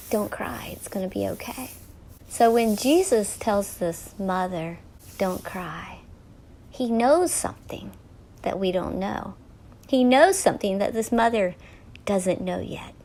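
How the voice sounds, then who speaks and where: A woman's voice: a little high, a little mellow. A woman hosting a devotional talk while she paints, telling the story earnestly and often dropping to a near whisper. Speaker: host.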